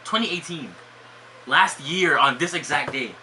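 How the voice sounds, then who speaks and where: A man's voice: fairly high pitch, expressive, a little slow, pushed and bright, slight background noise, rough recording. A man hosting a reaction video in casual, hyped commentary, rambling and swearing freely. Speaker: YouTube reaction host.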